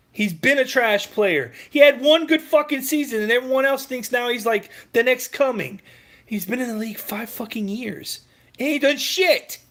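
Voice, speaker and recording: A man tears into his critics in a heated, profane sports rant. His voice sits high for a man. He snaps back at his commenters and refuses to give ground. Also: a bit bright.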